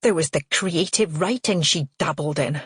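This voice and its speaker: A scornful older aunt with a lilt, put on by a woman reading a thriller audiobook. Her sneering, contemptuous delivery comes out a touch husky and raised in pitch, and it sounds dry and close. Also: moderate pace, dry recording.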